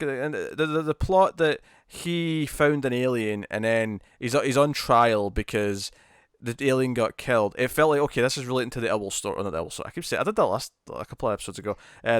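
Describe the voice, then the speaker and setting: A man co-hosting a casual review chat, talking in animated bursts full of restarts and repeated words. His voice sounds smooth and resonant. The recording is dry, with no room sound. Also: medium pitch, no room sound. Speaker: podcast co-host.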